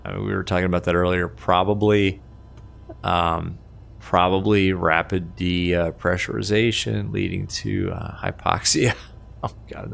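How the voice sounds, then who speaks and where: A man's voice: low voice, normal speed, creaky, fairly bright tone, a little hiss or hum. A man giving chatty, self-mocking live commentary as a flight sim streamer, laughing often at himself.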